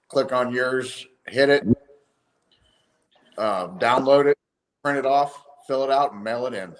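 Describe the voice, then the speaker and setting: A man's voice: mid-range voice, a little slow. A man who organizes an event, a guest on a live stream, explaining things plainly and step by step.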